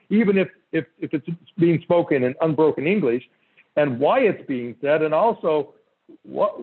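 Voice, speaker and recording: A man on a coaching call, telling a story in an animated, conversational way with many fillers. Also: on the high side. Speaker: real estate coach. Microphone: call line. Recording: tinny phone-like call audio.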